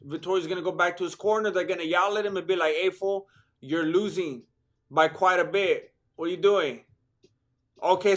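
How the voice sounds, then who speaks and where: A high-pitched, hoarse man calls a fight live. His tired voice sounds worn out, but he stays excitable and joking and throws in Spanish slang. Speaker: fight watch-along host.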